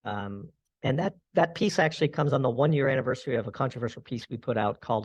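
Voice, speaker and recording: A man's voice: mid-range voice, fast, dry recording. A man as a podcast guest, giving long analytical answers in an interview. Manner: analytical, explains at length. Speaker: guest commentator.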